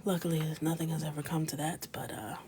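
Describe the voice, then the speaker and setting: A woman in her thirties chatting in a mostly whispered, joking way while coloring, with sudden loud shouts. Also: low voice, fairly even intonation, quick pace, music in the background. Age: 30s. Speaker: coloring livestreamer. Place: small closet with a ring light.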